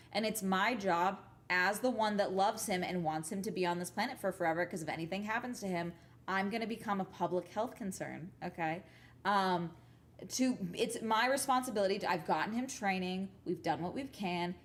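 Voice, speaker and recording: A woman's voice: mid-range voice, a little hiss or hum. Woman streamer telling emphatic, swear-laden stories. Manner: profane, emphatic, keeps adding "okay?". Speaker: livestream host chatting with viewers. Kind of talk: casual rambling storytelling. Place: at home.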